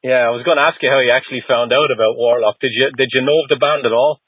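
Husky-voiced man interviewing over a phone line. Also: medium pitch, fairly even intonation, very fast, no room sound. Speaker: interview host. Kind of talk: casual interview.

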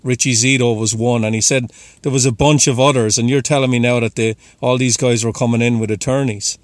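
A man's voice: mid-range voice, steady tone, brisk, no room sound. A male interviewer asking detailed, probing questions.

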